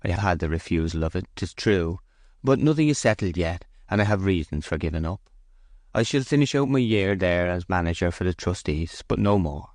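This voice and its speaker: Audiobook: man playing a shy, loyal farm manager, deep, hesitant, dry. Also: lively intonation, fairly quick, darkish tone, no echo. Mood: troubled. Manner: hesitant, plain-spoken. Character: shy steadfast male shepherd and farm manager. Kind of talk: audiobook character voice.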